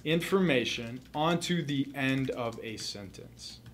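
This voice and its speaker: A man tutoring for a test, explaining grammar rules in a clear, methodical lesson and repeating the key points. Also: medium pitch, unhurried, fairly bright tone.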